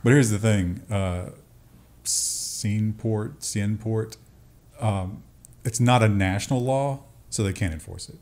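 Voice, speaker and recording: A man's voice: lowish voice, normal speed, darkish tone. A man co-hosting a casual tech news show, chatty and joking, often slipping into mocking voices. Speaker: co-host.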